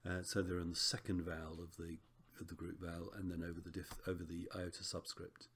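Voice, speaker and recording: A man teaching a recorded Greek lesson, relaxed and chatty with frequent ums and self-corrections. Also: deep voice, a little fast, a little hiss or hum.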